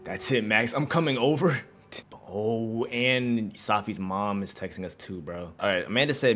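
A young man casually commentating on a video game, excitable and slangy, reading in-game texts aloud. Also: fairly low pitch, moderate pace. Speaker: gaming streamer. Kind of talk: casual let's-play commentary.

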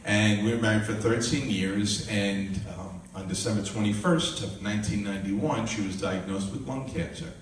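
A man's voice: on the low side, moderate pace, few pauses, slight background noise. Older man telling his testimony, echoey. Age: 60s. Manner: animated storyteller, acts out dialogue, laughs often. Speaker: minister. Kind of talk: testimony storytelling. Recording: echoey room, voice from a distance.

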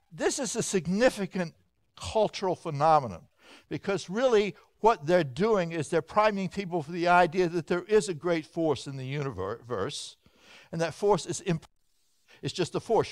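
A male pastor lectures in a folksy, animated way, rising loud and then dropping to a hush. His voice sits high for a man and comes through smooth and clear. He speaks in a church hall. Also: normal speed. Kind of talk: evening Bible lecture.

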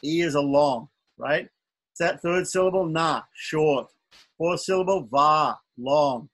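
In an online chanting lesson, a patient man teaches chanting syllables, often correcting himself and spelling out syllable lengths. His voice is fairly high and a bit bright, his pace slow, and the recording rough.

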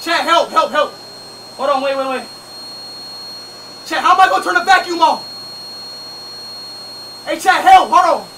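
Young male streamer, very high, sharp voice, frantic and repetitive, off-mic with faint vacuum hum. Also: measured pace, long pauses, far from the mic, rough recording. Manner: panicky, repetitive pleading and shouting. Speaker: livestreamer. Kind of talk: casual livestream chat.

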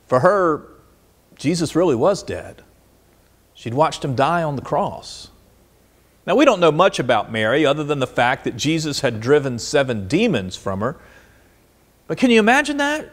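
Animated pastor preaching with lively pitch. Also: male voice. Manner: expressive, swings between soft and animated; asks the listeners questions. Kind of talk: sermon.

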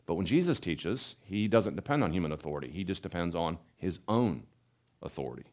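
A man's voice: low-pitched, fairly quick. A man teaching a Bible study in a conversational lecture, asking rhetorical questions and often checking in with "right?". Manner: animated, asks rhetorical questions, adds "right?" tags.

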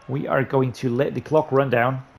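A man giving gameplay commentary on a football video game, muttering low between plays and breaking into loud, frustrated outbursts. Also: fairly even intonation, normal speed, vocal fry. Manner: frustrated, ranting and swearing at the game. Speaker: gaming YouTuber.

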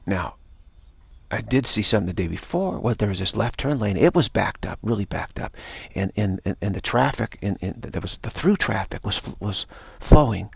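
Man, low gravelly voice, husky, rambling indignant storyteller, dry close sound. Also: expressive, moderate pace, no echo. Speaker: spiritual channel host. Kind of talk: casual spoken anecdote.

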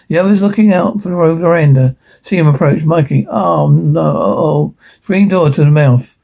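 Male reader, gravelly and dark, halting delivery. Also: fairly high pitch. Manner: halting, self-correcting. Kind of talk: reading a film script aloud.

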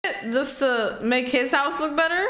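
High-voiced woman reacting to a movie. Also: unhurried, roomy sound, music in the background. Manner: laughs often, loud excited outbursts.

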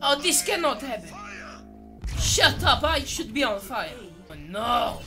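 A man commentating his gameplay in a put-on French accent, excitable and swearing, into a gaming headset. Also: extremely high pitch, measured pace, soft background music. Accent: fake French accent. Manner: excitable, swearing, breaking into shrieks and laughter. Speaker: gaming video host.

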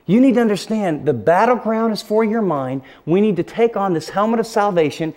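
A middle-aged man preaching a sermon, earnest and confessional, dropping to a hushed near-whisper at emotional moments. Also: sits high, lively intonation, brisk.

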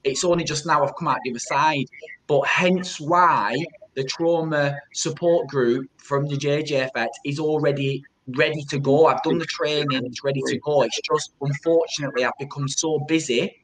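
A man speaking as a guest on a video call, giving emotional personal testimony in an earnest, halting way, often repeating words. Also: a little high, steady tone, fairly bright tone, poor audio. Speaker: guest, trauma support group founder.

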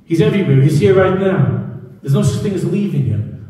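A man's voice: high voice, expressive, fairly quick, mellow. Man, rabbi, sermon, conversational storytelling, emphatic repetition, long hall reverb, strong room echo. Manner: conversational storytelling, repeats key phrases for emphasis. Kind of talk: sermon to a live audience. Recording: echoey hall, distant mic.

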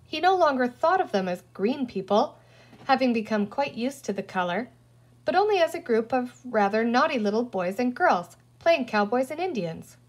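A woman reading a children's novel aloud in an expressive storytelling voice. Her pitch sits a little high and moves a great deal, rising and falling through each sentence. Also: moderate pace. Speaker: audiobook reader. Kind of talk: children's book read aloud.

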